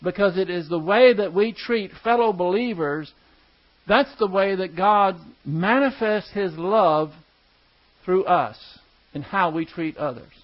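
Male pastor, high voice, emphatic teaching sermon, muffled lo-fi sound. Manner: teaching, emphatic with slow stressed words.

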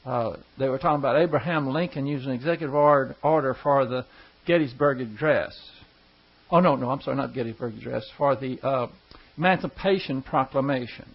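A man's voice: mid-range voice, fairly quick, gravelly, husky. A man, a pastor telling stories to his congregation in a rambling, folksy way with chuckling asides. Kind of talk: casual storytelling to a congregation. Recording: dull lo-fi recording.

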